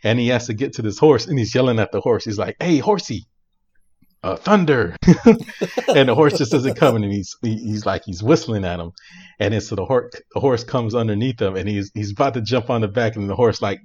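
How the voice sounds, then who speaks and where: A low-voiced man tells a movie plot in a loose, animated way, with lots of fillers, and he laughs often. He is co-hosting a casual podcast. The sound is dull and lo-fi. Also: quick pace, husky. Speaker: podcast co-host. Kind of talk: casual chat, recapping a movie.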